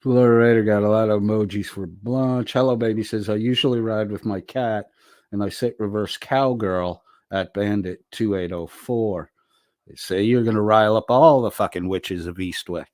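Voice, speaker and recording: A man's voice: on the low side, moderate pace, darkish tone, dry recording, studio quality. A man hosting a livestream, reading viewer comments aloud with profane, wisecracking asides. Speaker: livestream host reading chat.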